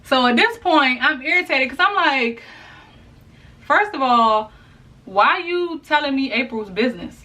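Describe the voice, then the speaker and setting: A woman's voice: high voice, expressive, normal speed, bright, forceful tone, far from the mic. A woman vlogger telling a storytime tale in a blunt, profane, heated way, repeating lines for emphasis. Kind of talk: storytime vlog.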